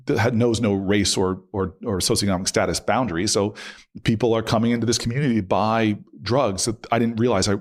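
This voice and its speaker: A middle-aged man, a guest on an interview show, telling a long personal story in an animated way and acting out what people said. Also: on the low side. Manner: animated, acts out quotes with laughs. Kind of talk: conversational storytelling.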